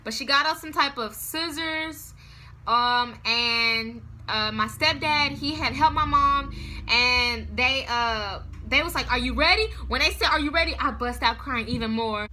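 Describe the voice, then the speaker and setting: High, bright young woman vlogging. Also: measured pace, a little hiss or hum. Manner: dramatic, animated storytelling. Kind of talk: casual storytelling to camera.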